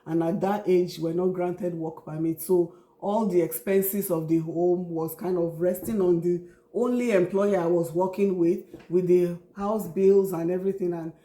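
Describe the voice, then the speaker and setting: A woman's voice: lowish voice, steady tone, moderate pace, dark tone, reverberant. A Nigerian woman in her forties being interviewed about her life, telling her story openly and acting out remembered dialogue. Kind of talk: casual interview.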